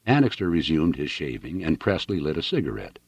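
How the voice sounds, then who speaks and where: A man narrates a novel with a deep, husky voice and a lively, swinging delivery. He tells the story dramatically, and the recording is close and dry. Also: a little fast, no room sound, lo-fi sound. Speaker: audiobook reader.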